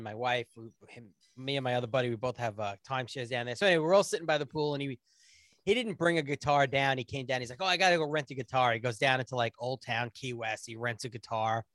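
A man's voice: mid-range voice, fairly even intonation, fast talker, a bit bright, no echo. A man with a New York accent, a podcast guest telling blunt, profanity-laced stories in casual chat.

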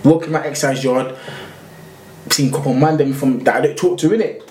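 A man's voice: mid-range voice, brisk. A man with a London accent telling a long story in casual, slang-filled chat. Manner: slangy, rambling, animated retelling. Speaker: podcast guest telling his story. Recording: echoey room with faint noise.

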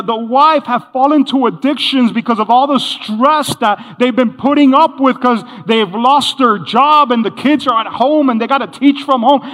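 A man's voice: very high-pitched, a bit bright. A middle-aged man, a pastor, preaching a sermon in a casual, chatty way, acting out little quoted voices as he goes. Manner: conversational, acts out quoted voices, laughs often. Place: church hall. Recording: long hall reverb.

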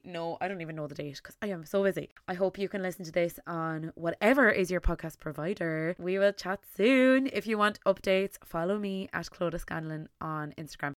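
An Irish woman hosting her own podcast, talking alone in an excitable, gushing way and rushing her words out in bursts. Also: lowish voice, dry recording, clean studio sound. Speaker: podcast host. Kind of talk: solo podcast intro monologue.

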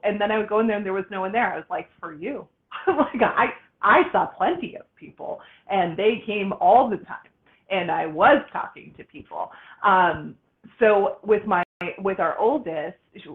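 Woman, podcast host, medium pitch, tinny phone-line audio, casual chat, shares own stories.

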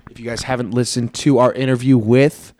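A man's voice: mid-range voice, level tone, brisk, a little mellow. A young man co-hosting a casual beer-tasting podcast, rambling and hesitant with lots of fillers. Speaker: podcast co-host. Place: home studio.

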